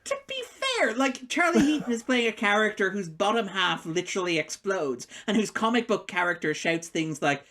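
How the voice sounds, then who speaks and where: A man co-hosting a film podcast, chatting casually and animatedly, laughing often and acting out quoted lines as quick asides. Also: high voice, lively intonation, bright, forceful tone. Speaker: podcast co-host, film critic.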